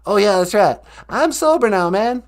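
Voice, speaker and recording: A man's voice: sits high, expressive, moderate pace. A man voicing a laid-back, folksy Texan former president with a put-on drawl and slangy talk. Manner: drawling, slangy, calls people man and boy.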